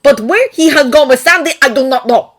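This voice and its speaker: A woman voicing a big, gruff male Santa figure who speaks loud, broken English. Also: sits high, expressive, brisk, voice pushed up. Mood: earnest.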